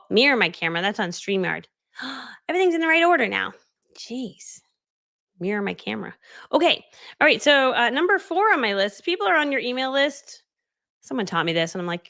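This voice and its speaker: A middle-aged business coach hosts a livestream, speaking close to a studio dynamic microphone with no room sound. Her medium-pitched voice has vocal fry and a bit of brightness, and she's chatty and bubbly, laughing often as she reads out viewer comments.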